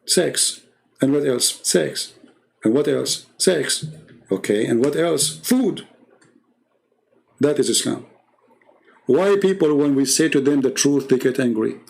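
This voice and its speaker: A man's voice: medium pitch, normal speed, creaky, a little mellow. A man hosting a live debate stream, delivering a heated, scornful monologue full of mocking rhetorical questions.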